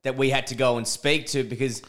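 Young Aussie man, mid-pitched, blunt and animated co-host. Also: brisk. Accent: Australian. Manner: animated, blunt, swears freely. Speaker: podcast co-host. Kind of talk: casual chat.

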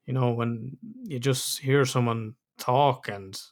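A man's voice: medium pitch, takes it slowly. A middle-aged man, hosting a podcast in casual chat, candid and reflective, swearing freely. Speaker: podcast host.

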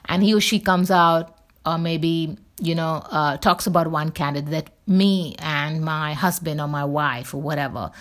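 A woman's voice: deep voice, steady tone, moderate pace. A woman hosting a casual solo talk show, rambling and candid with lots of fillers and restarts. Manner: candid, chatty. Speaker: show host.

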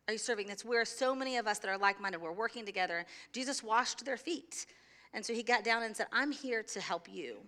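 Bright-voiced woman preaching. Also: fairly high pitch, a little fast. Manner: conversational, laughs easily, sings a children's song. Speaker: pastor. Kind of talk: sermon. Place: church sanctuary.

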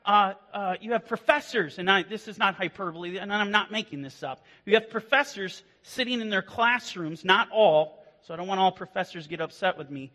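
A man preaching a sermon as pastor, impassioned, swinging from hushed passages to loud declarations. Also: sits high, a little fast, hardly any pauses. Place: church. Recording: long reverb of a hall.

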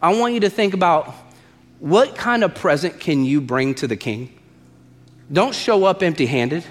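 A man preaching a sermon as pastor, animated and emphatic, repeating lines for stress and acting out the voices in his quotes. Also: high-pitched, in a large hall.

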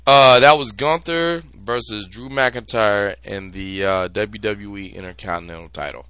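Brief: man, podcast guest, bright voice, lively pitch, pushy questions, dry sound. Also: unhurried, smooth, dry recording. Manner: prodding, keeps asking questions to steer the talk. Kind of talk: casual chat.

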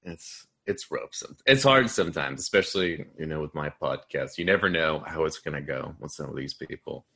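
A man's voice: very deep voice, lively intonation, brisk, gravelly, pushed and bright, slightly rough. A man in his twenties, a podcast guest chatting casually and joking with a laugh. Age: 20s. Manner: laid-back, laughing, joking. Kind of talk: casual chat.

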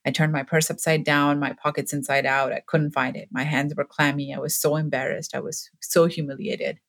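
A woman's voice: deep voice, flat delivery, a little fast, a bit bright. A woman in her forties, a podcast guest, telling a personal story in an earnest, increasingly emphatic way. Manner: earnest, grows more emphatic and impassioned.

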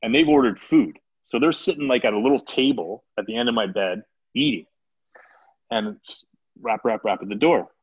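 Male guest, casual storyteller, animated delivery with acted quotes; dull lo-fi recording. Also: mid-range voice, moderate pace, breathy edge. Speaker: podcast guest.

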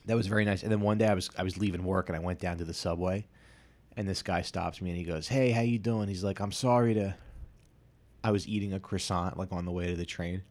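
A man's voice: sits low, little pitch movement, quick pace. A man in his thirties hosting a casual solo podcast, telling rambling, self-deprecating stories full of asides and restarts. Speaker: podcast host.

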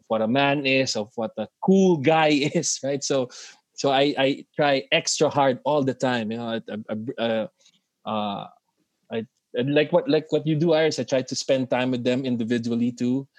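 A man co-hosting a casual podcast, recorded dry and close with no room sound. He talks in halting bursts, restarts his sentences often, and laughs at himself, at a middle pitch. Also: no echo. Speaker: podcast co-host; father of daughters. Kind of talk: casual chat.

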